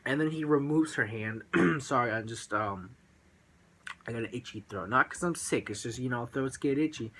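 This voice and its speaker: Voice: mid-range voice, bright, forceful tone. A video reviewer talking in a rambling, casual way, with many fillers and crude, offhand remarks.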